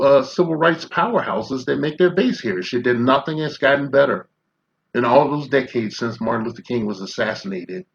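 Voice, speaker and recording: A man's voice: medium pitch, fairly bright tone, lo-fi sound. A man in his fifties from Chicago, ranting in confrontational, profane commentary full of rhetorical questions. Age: 50s. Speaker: commentary vlogger.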